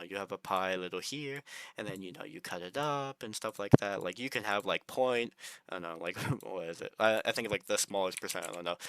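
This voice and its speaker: A young man talks through money tips in a loose, rambling flow, with lots of filler words and an occasional curse. His voice sits a little low but sounds bright and forward. The recording is close and dry, with no room sound. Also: dry recording. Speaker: finance vlogger. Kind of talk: casual advice monologue.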